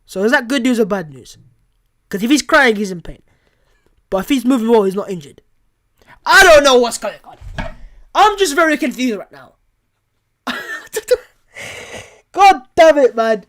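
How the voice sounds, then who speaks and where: A man's voice: very high voice, sing-song, normal speed, long pauses, fairly bright tone. A young man hosting a casual live watchalong stream, reading chat and reacting in an exasperated, emotional way, often repeating himself.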